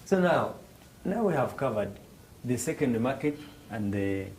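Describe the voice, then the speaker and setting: Animated Rwandan man teaching finance. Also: mid-range voice, moderate pace, a little hiss or hum, poor audio. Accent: Rwandan English. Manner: animated, acts out dialogues in raised voices, hesitant restarts. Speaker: financial literacy instructor. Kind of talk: classroom explanation with acted examples.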